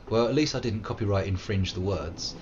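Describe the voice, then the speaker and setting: A British man with a fairly low voice hosts a live let's play, giving gameplay commentary that's playful, sweary and self-mocking, with bursts of silly voices. The recording has highs cut off and background noise.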